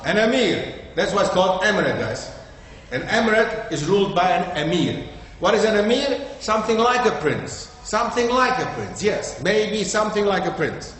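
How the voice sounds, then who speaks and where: Guy with a high voice lecturing a group, keeps quizzing them, big echoey hall sound. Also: big pitch swings, moderate pace, fairly bright tone. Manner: quizzes the audience, checks with "okay?". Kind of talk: interactive classroom talk. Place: community centre hall. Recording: echoey hall with faint noise.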